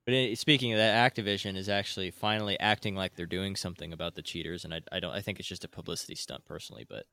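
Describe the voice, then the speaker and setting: Low-voiced man ranting, swearing nonstop. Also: fairly even intonation, racing, pushed and bright, clean tone. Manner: profane, ranting, swears constantly. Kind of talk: casual gaming chat.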